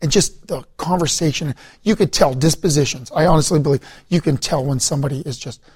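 A middle-aged man with a fairly high voice recounts his past in a loose, meandering way. He often stops to restart his sentences and fills pauses with ums and uhs. The sound is dry and close. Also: a little mellow, slightly rough, no echo. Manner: rambling storytelling with many fillers and restarts. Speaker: guest. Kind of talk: conversational testimony interview.

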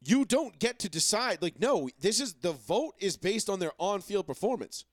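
A man chats about football in a casual, mocking tone and reads numbers off a stats page. His voice is slightly high. The recording is dry and close, with no room sound. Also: sing-song, normal speed, dry recording. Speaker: podcast co-host. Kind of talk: casual sports chat.

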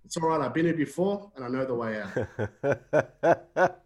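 A man voicing a calm and loyal male best friend who reassures his mate. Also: medium pitch, measured pace, lightly acted. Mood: reassuring.

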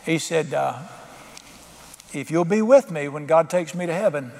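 A man's voice: fairly high pitch, moderate pace, vocal fry, a little mellow, in a large hall. A man preaching a sermon, telling a story and building to fervent emphasis. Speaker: pastor.

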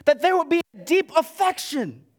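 High-voiced man preaching a casual sermon. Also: expressive, moderate pace. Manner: conversational, acts out quoted voices, wide swings in loudness. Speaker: pastor. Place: church sanctuary.

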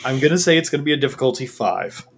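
A man narrating and running a tabletop role-playing game in a relaxed, easily amused way. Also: mid-range voice, fast, soft background music. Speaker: game master.

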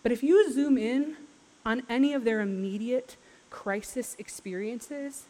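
A woman preaches with a slightly raised pitch, telling a scripture story in a relaxed, conversational way with playful asides. Her voice rings out with a long reverb, as if recorded in a large church hall. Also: measured pace. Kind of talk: sermon.

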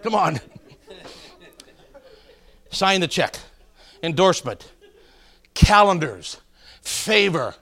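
Bright-voiced folksy male preacher. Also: high voice, sing-song, slow, long pauses. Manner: folksy storytelling, calls out to congregation. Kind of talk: sermon with joke stories.

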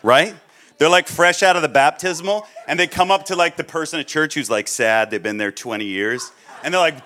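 A man preaching a sermon as a guest speaker, joking and acting out the people he quotes, then dropping low and quiet for serious points. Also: moderate pace, a little hiss or hum. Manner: animated, jokey, acts out quoted people.

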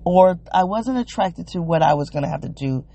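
A woman hosting a solo wellness podcast, thinking aloud in a halting, searching, emotionally open way. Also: lowish voice, lively intonation, gravelly, dark tone. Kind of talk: reflective solo podcast monologue.

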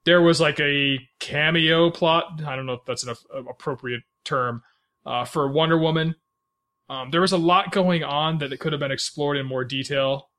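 Bright-voiced man rambling about movies. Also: a little high, normal speed. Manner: rambling, full of fillers and restarts, laughs often. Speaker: podcast co-host. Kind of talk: casual movie chat.

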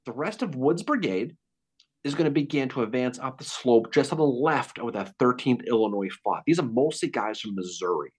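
A man hosting a podcast, telling a Civil War battle story in a casual, animated way. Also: medium pitch, normal speed, husky. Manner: animated, acts out quotes. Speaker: podcast host.

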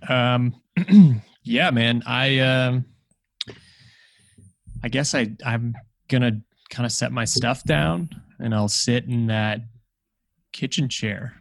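A man plays a tabletop game, answering the game master hesitantly and filling gaps with "um" and "uh." He speaks slowly at a middle pitch. The recording is dry and close. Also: gravelly, no room sound. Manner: hesitant, with many "um" and "uh". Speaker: player. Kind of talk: improvised role-play as a player.

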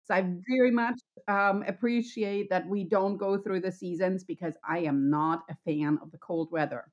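A woman with a German accent, chatting as an interview guest in a friendly, upbeat way. Her voice sits at a middling pitch. The audio is dull and lo-fi. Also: steady tone, moderate pace. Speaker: podcast guest, wellness coach. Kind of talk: conversational interview.

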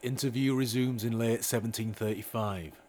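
A man's voice: mid-range voice, fairly even intonation, moderate pace, darkish tone, a little hiss or hum. A man co-hosting a comedy history podcast, playful and theatrical. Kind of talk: comic sketch interview.

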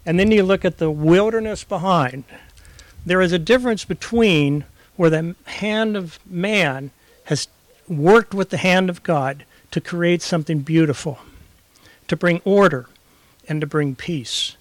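A man with a somewhat high voice delivers a sermon in a folksy storytelling manner. The sound is dry and close, with no reverb around him. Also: measured pace. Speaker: guest preacher. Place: outdoors in a backyard.

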